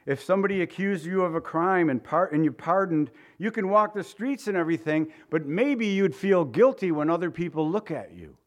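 In a muffled recording, a man with a high-pitched voice preaches at normal speed with few pauses. His storytelling is animated, dotted with chuckles and acted-out character voices.

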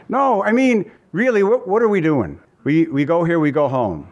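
A man preaching a sermon as pastor, earnest and conversational, repeating phrases for emphasis and adding casual asides. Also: very animated. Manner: reads scripture in a slower, lower voice.

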